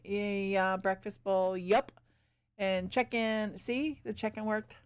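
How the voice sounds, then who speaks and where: A woman streamer chatting casually as she paints. Her voice is smooth and clear, and she keeps up an easy back-and-forth with her viewers while she works. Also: medium pitch, steady tone, takes it slowly. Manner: chatty, talks to chat while working.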